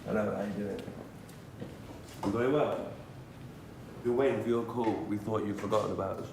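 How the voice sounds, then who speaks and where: Man doing a low, gruff cartoon bassist voice, recorded far off in an echoey room. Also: steady tone, a little fast, background noise, close to an everyday voice. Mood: mock-jovial.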